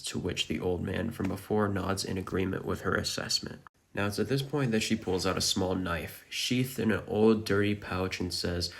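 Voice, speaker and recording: A man's voice: low voice, level tone, a little fast, creaky, a bit bright. A man narrating a dramatic recap of a manga chapter.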